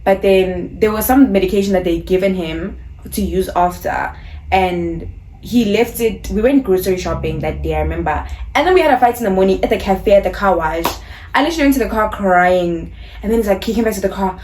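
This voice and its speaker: A young woman in her twenties with a South African accent, telling a personal story in a casual, animated, slangy way. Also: mid-range voice, fairly quick. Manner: animated, acts out dialogue, slangy. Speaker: YouTuber.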